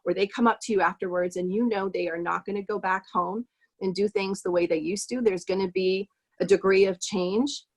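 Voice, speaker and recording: A woman's voice: mid-range voice, steady tone. A woman guest in a casual conversation who affirms the others and praises what they say. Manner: warm, affirming, quick to praise.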